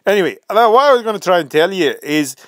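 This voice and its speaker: A man voicing a chatty, easily distracted male cat with a Scottish accent, talking loudly and excitedly. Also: sits high, quick pace, no room sound, studio quality, voice pushed up. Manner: loud, excitable, keeps getting distracted.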